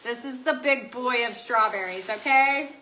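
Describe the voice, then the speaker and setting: A bubbly woman hosts a live craft stream, gushing over new supplies and talking straight to her viewers. Her voice is bright and sits a little high. She keeps it chatty and excitable throughout. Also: moderate pace, a little hiss or hum, rough recording. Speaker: craft shop owner. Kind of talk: live stream product showing.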